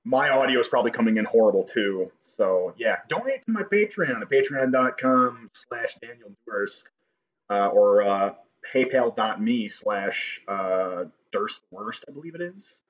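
A man hosts a response video with casual commentary on a clip, sounding sarcastic and dismissive and swearing now and then. His voice is medium-pitched with big swings in pitch, and he speaks at a measured pace. It's recorded lo-fi on a cheap microphone.

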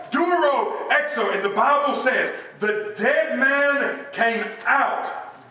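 A man preaching a sermon as pastor, asking rhetorical questions and dropping to a hushed voice for emphasis. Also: high voice. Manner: preaching with rhetorical questions, sudden drops to a hush. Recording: echoey hall, voice from a distance, faint noise.

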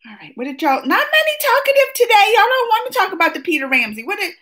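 High-voiced chatty woman livestreaming. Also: fast. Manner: chatty, excitable, laughs often, talks to her chat. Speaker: livestream host. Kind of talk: casual live chat with viewers. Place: at home, just woken up.

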